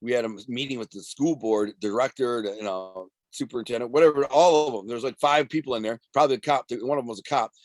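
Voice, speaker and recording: A man of around fifty from Detroit, telling rough street stories as a podcast guest in a streetwise, profane, rambling way. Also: medium pitch, quick pace, hardly any pauses, a little mellow, dry recording. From Detroit, USA. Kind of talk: casual storytelling interview.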